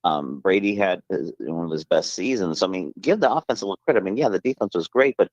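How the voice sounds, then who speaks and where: A man's voice: low-pitched, animated, quick pace, a little mellow, no room sound. Rambling male caller on a muffled line. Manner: rambling, emphatic, full of restarts. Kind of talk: casual sports talk.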